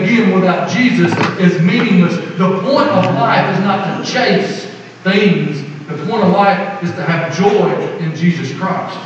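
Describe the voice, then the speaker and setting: A Southern pastor preaches in a folksy way, drawing out his key phrases. His voice sits fairly high. He is heard from a distance in a long-reverberant church hall, the sound a little dull, with faint ambience behind. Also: slight background noise. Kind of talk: sermon. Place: church sanctuary. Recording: roomy hall from far off, dull.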